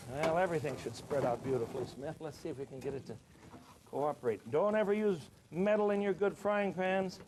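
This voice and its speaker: A man's voice: a little high, darkish tone, a little hiss or hum. A man hosting a cooking show, demonstrating a dish in a studio kitchen in a chatty, enthusiastic way with jokey asides.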